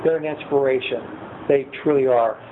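An older man with a medium-pitched voice, steady tone, and moderate pace tells his story to a recovery group from a podium in a meeting room. He rambles and chuckles self-deprecatingly, and the recording is a tinny lo-fi line with faint hiss.

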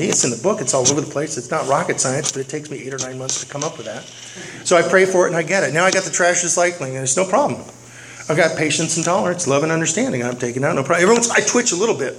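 A man tells a funny story about himself to a recovery meeting, talking quickly in a slightly high voice. The recording carries a clear hiss of noise throughout. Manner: humorous, self-deprecating, animated. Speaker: speaker sharing at a recovery meeting.

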